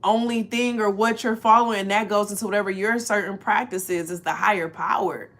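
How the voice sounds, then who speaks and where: A woman reading oracle card messages and affirmations aloud, speaking earnestly and directly to the listener, repeating phrases slowly for emphasis. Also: mid-range voice, steady tone, fairly bright tone. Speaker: spiritual card reader.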